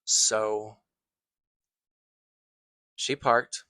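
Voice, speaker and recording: A man who teaches acting tells a personal story in an earnest, thoughtful way, pausing and restarting phrases as he goes. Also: fairly low pitch, fairly even intonation, bright, forceful tone, no echo.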